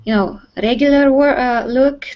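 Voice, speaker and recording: Higher-voiced woman searching for words. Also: fairly even intonation, normal speed, lo-fi sound. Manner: searching for words, many fillers. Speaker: co-host. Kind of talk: casual movie chat.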